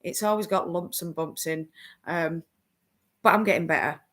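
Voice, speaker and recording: A woman's voice: fairly low pitch, normal speed, fairly bright tone. A woman hosting a casual crafting live stream, chatting with viewers and laughing often.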